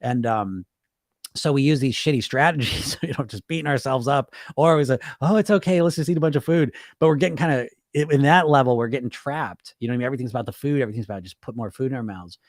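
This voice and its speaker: A man's voice: mid-range voice, fast talker, no room sound, clean studio sound. A man hosting a podcast as a weight loss coach, talking in a conversational way, laughing often and acting out little voices. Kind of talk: casual talk.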